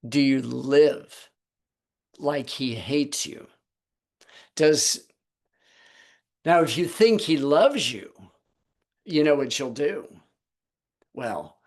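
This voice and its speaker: A man teaching the Bible on a Sabbath video call, posing rhetorical questions to his listeners. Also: mid-range voice.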